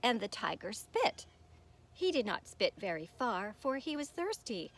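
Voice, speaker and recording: A woman teacher reads a picture book aloud to children, her voice a little high and full of expression. A faint hiss sits under the recording. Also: measured pace. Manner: expressive, animated storytelling.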